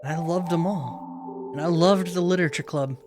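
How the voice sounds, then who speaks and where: A man's voice: fairly high pitch, moderate pace, music in the background, natural voice. Man reading as a heartbroken young woman. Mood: resolved. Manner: reading a game character's lines aloud.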